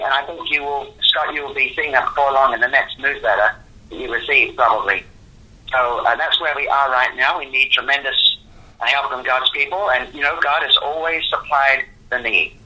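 Very bright husky older man. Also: mid-range voice, rough recording. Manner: earnest, devout, rambling with restarts. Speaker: founder of a creation museum ministry. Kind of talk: interview answers.

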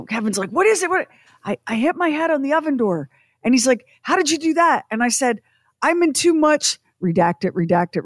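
A woman's voice: high-pitched, dry recording, clean studio sound. A middle-aged woman co-hosting a radio show, casually telling a story and acting out quotes in exaggerated voices with self-mocking humor.

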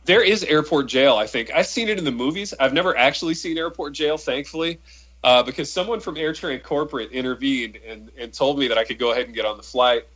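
A man's voice: medium pitch, fairly quick, a bit bright, husky, poor audio. Laid-back man telling a rambling story. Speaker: podcast co-host. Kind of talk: casual chat, storytelling.

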